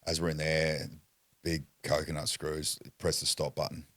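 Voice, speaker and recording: A man's voice: extremely low pitch, little pitch movement, normal speed, fairly bright tone, dry recording. An Australian man telling a story as a podcast guest, blunt and foul-mouthed in casual chat. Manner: blunt, heavy swearing, acts out quotes.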